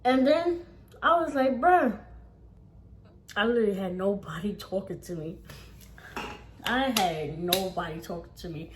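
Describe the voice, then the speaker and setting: A woman's voice: medium pitch, animated, moderate pace, slight background noise. A young woman telling a casual storytime on her vlog, swearing freely and repeating phrases for emphasis. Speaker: vlogger.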